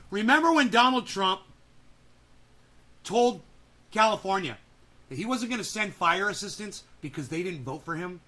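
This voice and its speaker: A man hosting reaction commentary, ranting with profanity, shouting and mocking. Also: sits high, animated, unhurried, long pauses. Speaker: commentary host.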